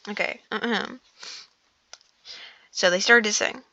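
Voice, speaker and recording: A woman casually reading a book aloud indoors in a dark room, often stumbling, restarting lines and breaking off into chatty asides. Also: mid-range voice, steady tone, slow pace, no echo, dull audio. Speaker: audiobook reader.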